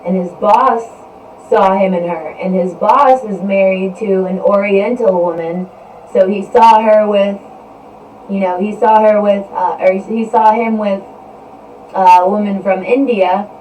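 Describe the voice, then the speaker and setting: A woman's voice: mid-range voice, steady tone, measured pace, darkish tone. A woman hosting a podcast, telling a story in a loose, rambling way and saying "you know" again and again. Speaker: podcast host. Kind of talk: casual storytelling monologue. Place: indoors, live stream. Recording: roomy echo, distant from mic, faint noise.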